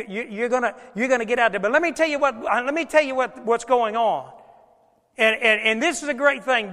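Folksy older preacher, high bright voice. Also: male voice, big-room sound. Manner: folksy, animated, with loud bursts. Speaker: pastor. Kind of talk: sermon. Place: church sanctuary.

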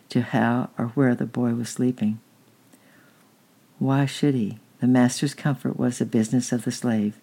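A man reads a story aloud in a measured, earnest way, stumbling now and then on a word. His voice is gravelly and dark, sitting at an ordinary pitch for a man. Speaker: narrator.

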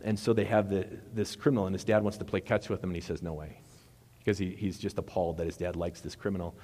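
A man preaching a sermon in a relaxed, conversational way, retelling movie scenes and correcting himself as he goes. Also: sits low, fast, breathy edge. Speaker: pastor. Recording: long reverb of a hall.

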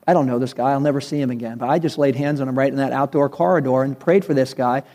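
Mellow-voiced male pastor preaching. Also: medium pitch, fairly even intonation, quick pace. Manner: conversational, acts out dialogue in his stories. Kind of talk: sermon with personal story.

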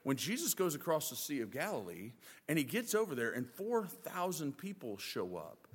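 A man preaching a lively sermon, acting out the disciples' voices with joking asides. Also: a little high, moderate pace, breathy edge, in a large hall. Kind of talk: animated sermon.

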